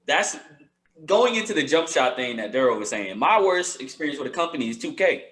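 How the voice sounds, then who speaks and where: A man co-hosting a podcast, trading lively, laughing banter in casual chat. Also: fairly high pitch, a little fast, echoey room. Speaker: podcast co-host.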